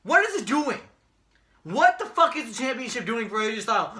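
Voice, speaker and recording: High-pitched ranting young man. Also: big pitch swings, a little fast. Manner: ranting, profane, shouts when angry. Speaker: podcast co-host. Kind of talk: casual wrestling predictions chat.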